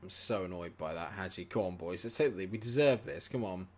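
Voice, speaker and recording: Excitable man streaming a game. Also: deep voice, brisk. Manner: swings from muttering to excited shouting, swears at the game. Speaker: gaming streamer. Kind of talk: live gameplay commentary.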